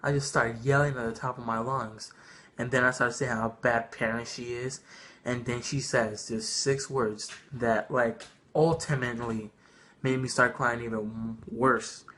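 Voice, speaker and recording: Bright-voiced young man telling stories. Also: medium pitch, a little slow, a little hiss or hum. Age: young adult. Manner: animated, casual, swears freely. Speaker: vlogger. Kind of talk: casual storytime vlog.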